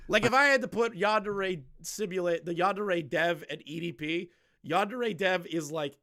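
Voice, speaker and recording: A young man giving casual reaction commentary, rambling and repeating himself, swinging from loud remarks to low muttering. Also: a little slow, no room sound, studio quality. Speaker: commentary streamer.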